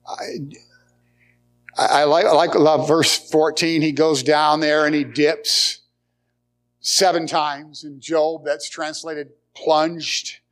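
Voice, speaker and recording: A man preaching a sermon as pastor, with dynamic swings from loud emphasis to near whispers and frequent repeated words. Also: fairly high pitch, flat delivery, slow pace. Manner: repeats words and restarts phrases.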